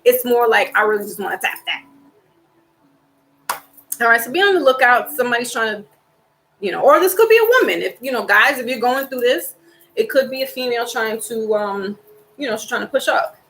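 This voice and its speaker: A chatty woman with a fairly high voice, giving a loose, rambling tarot reading to her viewers. Faint hiss sits under her voice. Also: expressive, a little fast, a bit bright, rough recording. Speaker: tarot reader. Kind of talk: casual tarot reading chat.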